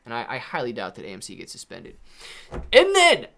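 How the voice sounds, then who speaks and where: A man's voice: on the low side, quick pace, vocal fry, a bit bright. A man hosting a live stream Q&A, talking in a rambling, conversational way and often correcting himself, in a small room at home. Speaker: livestream host.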